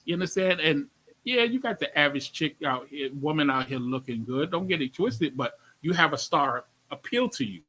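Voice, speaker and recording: A man's voice: on the high side, expressive, moderate pace, pushed and bright, rough recording. A man with a New York accent hosting a radio interview, chatting casually in slang and repeating his phrases. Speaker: radio show host.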